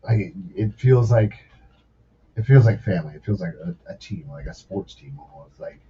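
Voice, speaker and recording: A man's voice: low-pitched, lively intonation, normal speed, breathy edge. A man guesting on a casual podcast chat, talking bluntly with lots of swearing. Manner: blunt, profane. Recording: dull lo-fi sound.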